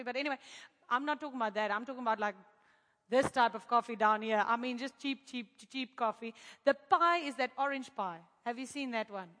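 A woman from Africa, telling a lively testimony to a congregation, animated and laughing often as she acts out the people in her story. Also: fairly high pitch. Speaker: speaker giving a testimony to a congregation. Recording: echoey hall.

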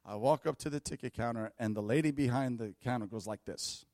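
A man preaching a storytelling sermon at a church service, lively, laughing often and breaking into shouts. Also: medium pitch, a little fast, dry recording. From United States.

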